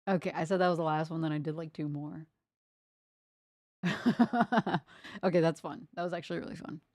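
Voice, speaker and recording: A woman's voice: low voice, moderate pace, darkish tone, no echo, studio quality. A young woman chatting casually while she draws, playfully reciting tongue twisters and laughing at her slips. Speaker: art streamer. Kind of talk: casual chat while drawing.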